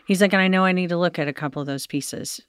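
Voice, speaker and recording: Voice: mid-range voice, quick pace, a bit bright, smooth, no room sound, studio quality. A podcast host interviewing a guest, cutting in playfully with follow-up questions. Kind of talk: conversational interview.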